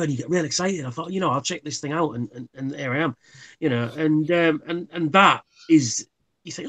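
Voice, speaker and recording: Man telling anecdotes, slightly high voice. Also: a little fast, a bit bright. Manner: anecdotal, acts out quotes. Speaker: guest. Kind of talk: casual chat.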